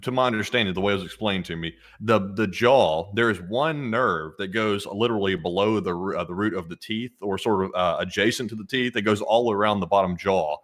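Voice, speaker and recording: Fast-talking man, lower voice. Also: a bit bright. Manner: rambling, many fillers and restarts. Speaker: co-host of a live stream. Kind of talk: casual chat.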